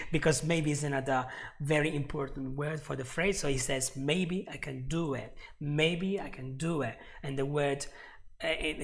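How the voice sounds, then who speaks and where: A man teaching a live online English lesson, chatty and laughing often, repeating example phrases slowly. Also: on the high side, creaky, fairly bright tone.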